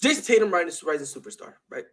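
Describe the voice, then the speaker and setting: Young man, sports talk host, lively high voice, slangy and emphatic monologue. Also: fast, husky. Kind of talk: animated sports opinion monologue.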